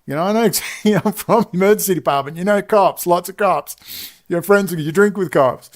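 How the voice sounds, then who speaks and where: A man's voice: high-pitched, fairly quick. Rambling Australian man telling a story. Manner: digressive, recounts dialogue, emphatic asides. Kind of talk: rambling personal storytelling monologue.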